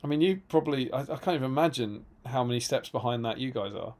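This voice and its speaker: A man's voice: medium pitch, fast, darkish tone. Rambling male stream co-host. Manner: rambling, self-interrupting storyteller, reads chat aloud. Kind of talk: casual live-stream chat.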